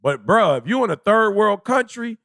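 A man with a fairly high voice hosts a casual podcast, preaching his point with heavy repetition. He sounds close and dry on the mic. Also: animated, normal speed, a bit bright, no room sound. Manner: emphatic, preachy, repeats himself, says "bruh". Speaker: podcast host and life coach.

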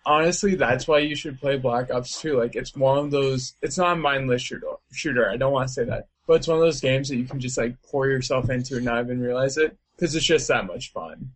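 A man's voice: mid-range voice, fairly quick, hardly any pauses, husky. A man answering interview questions in a loose, rambling way, with lots of fillers. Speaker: interviewee, video game player. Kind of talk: casual interview chat.

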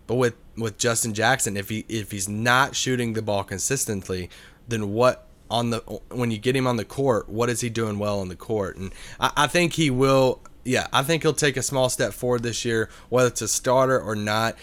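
A man co-hosting a sports podcast, talking earnestly and thinking out loud. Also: medium pitch, normal speed. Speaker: podcast co-host. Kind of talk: casual sports podcast chat.

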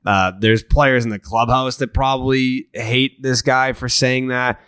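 A man weighs in on baseball during a casual podcast, talking in a conversational, profane and analytical way. His voice sits at an average pitch. The recording is dry. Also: steady tone, unhurried, fairly bright tone, smooth, no echo. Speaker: podcast co-host. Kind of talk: casual sports chat.

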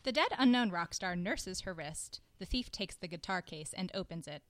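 A woman reading the narration of an audio drama in a calm, matter-of-fact way. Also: lowish voice, moderate pace. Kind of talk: scripted narration.

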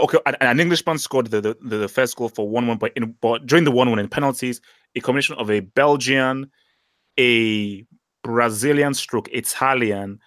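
A man's voice: medium pitch, fairly bright tone, dry recording. A man co-hosting a football podcast, talking in a blunt, fired-up rant. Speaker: podcast co-host. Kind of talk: casual chat.

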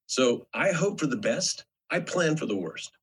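Husky man giving measured advice. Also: mid-range voice, lively intonation, a bit bright, rough recording. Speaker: actor, guest. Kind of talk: casual chat.

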